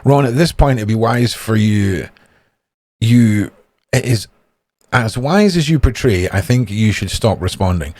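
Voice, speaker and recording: A man's voice: lowish voice, animated, measured pace, a little mellow. A man from Scotland with a Scottish accent, narrating a feud and reading messages aloud in a sarcastic, mocking, profane way. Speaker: YouTuber.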